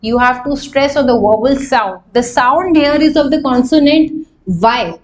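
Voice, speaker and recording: Slowly explaining grammar to a live online class, the young Indian English-accented teacher keeps asking rhetorical questions. Her voice sits high and a little mellow, with a little hiss or hum underneath.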